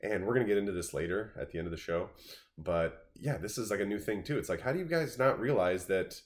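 Low-voiced man rambling through political chat. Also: lively intonation. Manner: rambling, halting, full of fillers. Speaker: podcast host.

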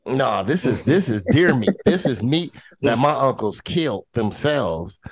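A man co-hosting a podcast, telling a story in casual, profane talk, jumping into higher voices to quote people. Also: unhurried, husky, dry recording. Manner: animated storytelling, profane, swings into high mimicking voices. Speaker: podcast co-host. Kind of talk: casual chat.

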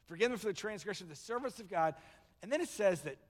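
The long hall reverb of a church sanctuary surrounds a male pastor whose voice sits high and moves fast. His sermon is animated storytelling, complete with acted-out voices for the people involved.

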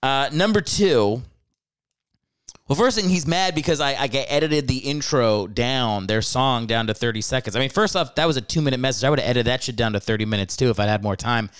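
A man's voice: mid-range voice, a little fast, a bit bright, smooth, no echo, clean studio sound. A young adult man hosting a casual comedic podcast, rambling with irreverent, profane asides. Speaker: podcast host.

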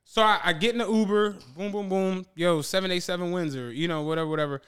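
A man co-hosting a podcast who tells a long story in casual chat, profane and animated, laughing often and acting out what people said. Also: high-pitched, fast talker, clear, resonant tone. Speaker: podcast co-host.

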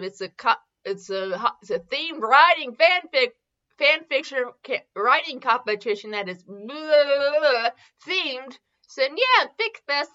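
A woman's voice: high voice, pushed and bright. A young woman hosting a podcast, reading fan fiction aloud and mocking it with sarcastic, giggly asides and the odd swear. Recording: dull lo-fi audio.

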